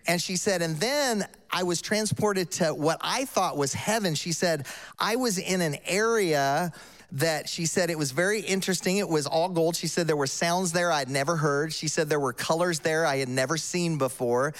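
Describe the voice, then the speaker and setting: Older male preacher, slightly raised pitch, casual storytelling sermon style with emphatic asides. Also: moderate pace, fairly bright tone.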